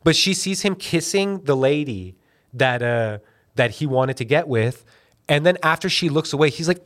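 Podcast host, young adult man, lively storyteller with a somewhat high, very expressive voice, does goofy voices. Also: normal speed. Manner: rambling, animated storytelling with silly put-on voices. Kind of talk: casual comedic podcast chat.

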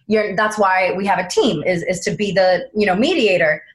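A young woman, an actress being interviewed, telling dramatic anecdotes in a lively, animated way. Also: mid-range voice, moderate pace. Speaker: actress guest.

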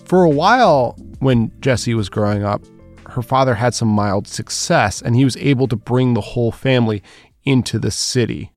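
A man hosting and narrating a podcast in a calm, explanatory tone, summing up his guest's story. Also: mid-range voice, normal speed, dry recording, faint music behind. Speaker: host and narrator.

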